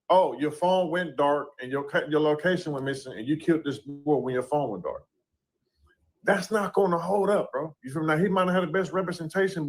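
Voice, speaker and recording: A man giving casual commentary on a court case, talking loosely and often adding "you know what I'm saying". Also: on the high side.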